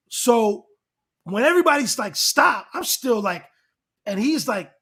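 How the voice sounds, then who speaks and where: A man telling a long story in casual chat, excitable and rambling, acting out what people said. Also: sits high, normal speed, vocal fry, husky. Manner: excitable, rambling, acts out quotes. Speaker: guest rapper and actor.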